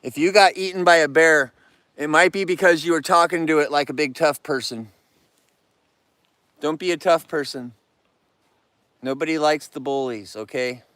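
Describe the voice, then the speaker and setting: A man's voice: on the high side, moderate pace, pauses often, fairly bright tone, smooth, dry recording. A man hosting a livestream from his yard, joking and chatting playfully with viewers. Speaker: livestream host. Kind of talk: casual live chat to viewers.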